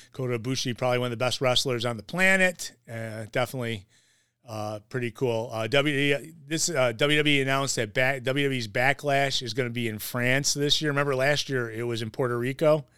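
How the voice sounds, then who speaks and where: A man's voice: medium pitch, pushed and bright, clean tone, no room sound, clean studio sound. A man hosting a casual wrestling podcast, rambling with lots of fillers and restarts. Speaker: podcast host.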